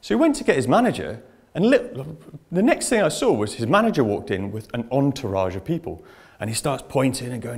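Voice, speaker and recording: A man speaking at a conference in front of a live audience. His delivery is chatty and anecdotal, and he speaks straight to the room. His voice sits at an ordinary middle pitch. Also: very animated, fairly quick. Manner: chatty anecdotal storytelling, addresses audience directly. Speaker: information security speaker. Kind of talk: conference presentation.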